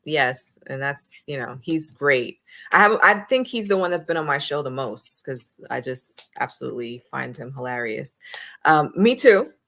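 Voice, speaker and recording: A woman with a notably low voice hosts a casual wrestling talk show. She talks bluntly and swears freely, pressing her opinions with energy. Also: animated, normal speed, a bit bright. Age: adult, married. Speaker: podcast host.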